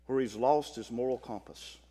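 A Baptist preacher, a man, giving a sermon. He moves from quiet asides to loud exclaiming and often repeats words. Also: medium pitch, moderate pace, in a large hall.

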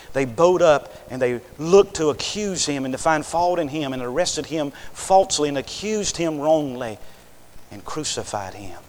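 A man preaching a revival sermon, swinging from loud, impassioned scripture reading to hushed, intimate appeals. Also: mid-range voice, in a large hall. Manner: reads scripture in King James wording with fervor.

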